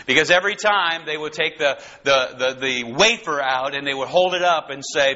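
A man preaching an expository sermon, emphatic and animated, repeating key phrases. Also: a little high, moderate pace, few pauses. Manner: animated, emphatic repetition with rising bursts. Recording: dull lo-fi recording.

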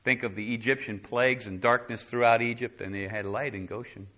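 A man preaching a sermon with passion, reading scripture and dropping from hushed tones to loud bursts. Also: mid-range voice, fairly even intonation, fairly quick. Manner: reads scripture aloud in King James wording. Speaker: pastor.

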